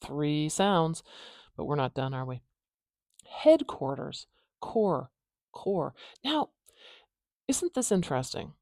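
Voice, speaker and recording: A Canadian English speaker teaching phonetics in a casual tutorial, patiently repeating sounds slowly to demonstrate them. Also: mid-range voice, big pitch swings, darkish tone, dry recording, studio quality.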